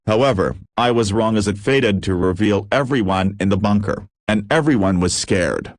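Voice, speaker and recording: A man narrating a fan-made creepypasta in a plain, steady storytelling manner on a close home mic. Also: fairly low pitch, normal speed, no echo. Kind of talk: creepypasta reading.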